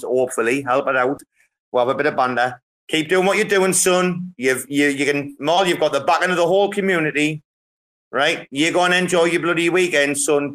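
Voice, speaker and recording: A male host chatting loosely with his guests and peppering his speech with swearing and rough jokes. His voice sits at an ordinary middle pitch. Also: a bit bright. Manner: profane, joking banter. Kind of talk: casual chat.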